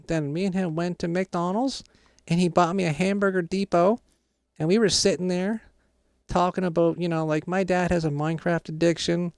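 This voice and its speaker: A man telling a comic roleplay story in an excitable, rambling, kid-like way, as a gaming video host. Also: sits high, vocal fry, clear, resonant tone, no echo, clean studio sound.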